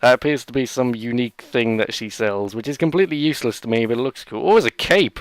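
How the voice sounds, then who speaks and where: A man's voice: mid-range voice, fast, no echo. A man hosting a let's play, giving rambling, sarcastic gameplay commentary full of jokey asides.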